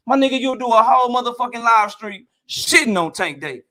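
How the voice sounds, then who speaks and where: A man's voice: very high voice, lively intonation, fairly quick, few pauses, sharp tone. A man in a boxing debate on a live stream, ranting heatedly and with a lot of profanity.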